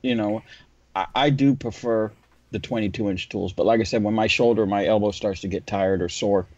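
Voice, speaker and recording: A man's voice: on the low side, moderate pace, no echo, highs cut off. A man who cleans windows, chatting casually on a podcast, telling a story and acting out the people in it. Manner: animated, swearing, acts out quotes.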